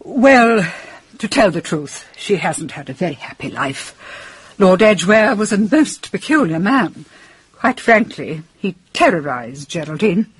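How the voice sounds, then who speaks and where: A prim, earnest woman. She speaks hesitantly and with disapproval, in a husky voice with lively intonation. The sound is dry and close. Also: on the low side, a little slow, dry recording, heavily acted. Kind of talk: radio drama acting.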